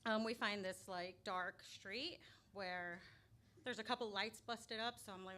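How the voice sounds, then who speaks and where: Bright-voiced woman telling a live story. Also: medium pitch, measured pace. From Albuquerque, New Mexico. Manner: lively, laughing often, loud acted outbursts. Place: small restaurant venue, live audience. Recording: live room with faint background noise.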